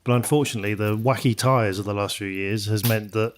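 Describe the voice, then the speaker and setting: A man's voice: lowish voice, steady tone, a little fast, a little hiss or hum. A man co-hosting a motor racing podcast, blunt and swearing as he rants. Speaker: podcast co-host. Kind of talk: casual chat.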